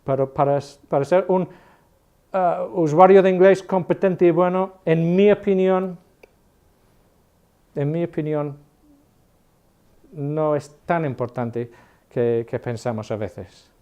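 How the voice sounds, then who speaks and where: A man's voice: fairly high pitch, measured pace, long pauses, clear, resonant tone, lo-fi sound. A man in his fifties with an educated Northern English accent, giving a chatty, jokey online class as an English teacher, often restarting his sentences. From Northern England. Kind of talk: informal online class talk.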